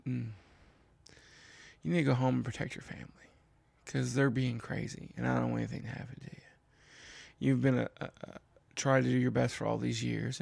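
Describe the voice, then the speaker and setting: With a creaky voice on a dry recording, this Kentucky man rants solo about politics on his own commentary show. He sounds casual yet exasperated and animated, his pitch leaping upward whenever he wants to stress a point.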